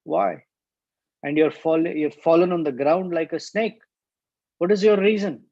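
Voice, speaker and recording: A man voicing an angry, proud male demon lord who scolds with indignant, booming rebukes. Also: normal speed, a little mellow, no echo. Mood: irritated scolding. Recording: dull, dry lo-fi recording.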